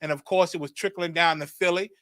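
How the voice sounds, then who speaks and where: A middle-aged religious teacher delivers his story like testimony, his fairly high voice hard and forceful as he repeats phrases and rises into excited shouts. He talks fast. The sound is close and dry, with no room sound.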